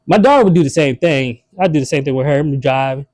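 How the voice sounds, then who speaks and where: A man's voice: fairly high pitch, quick pace, hardly any pauses, a little mellow, no echo. A man telling rambling comic stories casually, laughing between lines.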